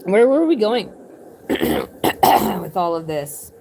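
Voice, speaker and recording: A woman's voice: fairly low pitch, wildly swooping pitch, extremely slow, gravelly, darkish tone, a little hiss or hum. A woman streaming live from a tent, rambling irreverently in a casual, swearing comic chat. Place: in a tent, sitting on her bed.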